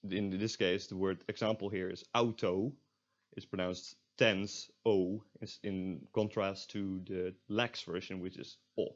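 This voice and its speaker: Dutch-accented man teaching, lo-fi sound. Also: on the low side. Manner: explains step by step, stops to correct himself. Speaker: language tutor. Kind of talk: casual recorded lesson. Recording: dull lo-fi audio.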